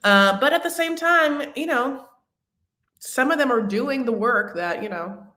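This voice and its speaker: A woman's voice: high voice, animated, unhurried, pushed and bright, roomy sound. A woman hosting a reality TV recap livestream, talking casually in a rambling, chatty way full of fillers and restarts. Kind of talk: casual chat.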